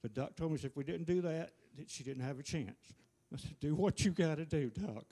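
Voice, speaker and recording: A man giving a halting, plainspoken personal testimony to a church. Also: fairly high pitch, mellow, slightly rough.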